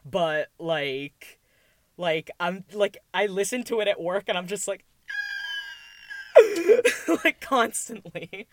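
A woman's voice: lowish voice, a little slow, fairly bright tone, a little hiss or hum. A woman chatting casually as a podcast guest, laughing often and full of fillers. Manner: giggly, many fillers. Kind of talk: casual chat.

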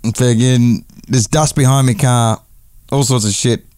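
A man's voice: medium pitch, steady tone, measured pace, a little mellow, clear, resonant tone, no room sound, studio quality. A man hosting a podcast, telling a rambling, profane comic story and correcting himself as he goes. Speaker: podcast host.

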